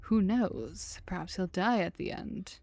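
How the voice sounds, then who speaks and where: A woman's voice: on the low side, unhurried, creaky, darkish tone, breathy edge, no echo, clean studio sound, faint music behind, exaggerated voice. A woman playing a flamboyant theater director. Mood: theatrical. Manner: grandiose, theatrical, with showy Italian flourishes.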